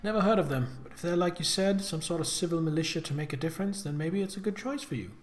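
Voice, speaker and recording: A man's voice: fairly high pitch, fast, soft background music, close to an everyday voice. A man reading a letter aloud as a chatty, crude working-class young sister, in an attempted Birmingham accent.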